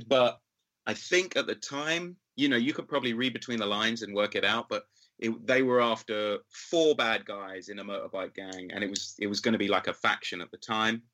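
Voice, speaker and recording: Man, London accent, film director, rambling casual storyteller, lowish bright voice. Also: moderate pace, poor audio. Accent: London English. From England. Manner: chatty, rambling, full of fillers and acted-out quotes.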